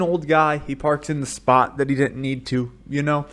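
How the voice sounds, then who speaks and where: An American man hosts a solo comedic podcast, talking into a studio microphone at a normal speed. His voice sits fairly high with little pitch movement as he rambles through profane stories that break into shouted rants.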